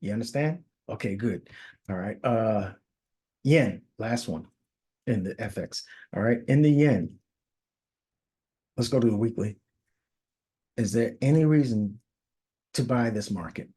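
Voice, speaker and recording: A man's voice: fairly low pitch, a little slow, long pauses, mellow, breathy edge. A man giving a casual market analysis, walking through charts conversationally and often checking in with "all right?" while correcting himself.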